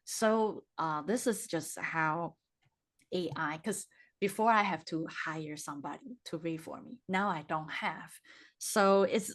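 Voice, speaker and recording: Hesitant low-voiced woman host. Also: unhurried. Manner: hesitant, searching for words. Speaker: podcast host. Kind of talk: casual interview chat.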